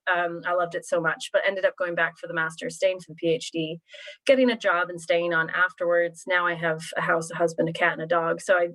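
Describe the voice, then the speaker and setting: A woman from Pennsylvania in her thirties talks through an informal presentation over a video call. She speaks in a slightly low voice and stays chatty and relaxed, with plenty of fillers. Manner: chatty, friendly, lots of fillers. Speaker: university recruitment presenter.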